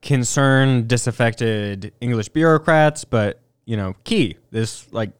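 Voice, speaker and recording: Smooth-voiced analytical man, dry sound. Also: medium pitch, slow, no echo. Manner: thoughtful, analytical, many fillers. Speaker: podcast co-host. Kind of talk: casual chat.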